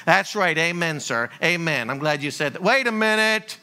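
A man's voice: a little high, animated, moderate pace, pushed and bright, clear, resonant tone. A man preaching a sermon as a pastor, full of rhetorical questions and folksy humor.

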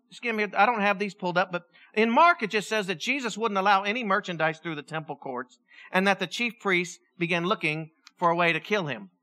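A woman pastor preaching a sermon in church in a lively, joking way, acting out voices as she tells the story. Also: medium pitch. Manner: animated, joking, acts out voices.

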